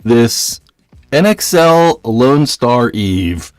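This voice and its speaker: A man's voice: medium pitch, animated, very slow, no echo, soft background music. A man hosting a casual live stream, rambling and joking as he reads out viewers' messages, a little out of breath. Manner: rambling, jokey, reads chat aloud.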